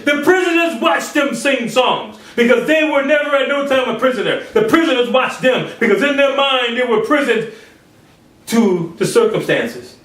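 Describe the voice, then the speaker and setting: Man preaching, high voice, echoey, distant mic, acts out quotes. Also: expressive, normal speed, a bit bright. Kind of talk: sermon.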